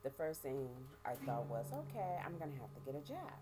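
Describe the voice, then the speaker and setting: A middle-aged woman giving a halting, emotional personal testimony, often repeating words and speaking of her faith. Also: deep voice, big pitch swings. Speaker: vlogger sharing life after prison.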